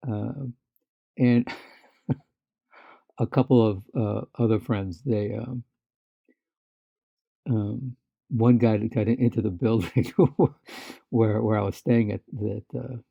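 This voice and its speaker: A man's voice: fairly low pitch, fairly even intonation, slow, gravelly, long pauses, mellow, slightly rough, no room sound, dull audio. A man co-hosting a podcast, telling stories in casual chat with many restarts and fillers, laughing now and then. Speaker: podcast co-host.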